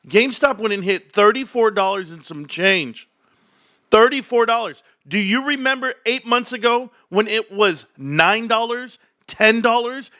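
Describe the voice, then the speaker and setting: A man's voice: high-pitched, pushed and bright. A man hosting a casual stock market livestream, brash and boastful, joking with his chat. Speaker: livestream host.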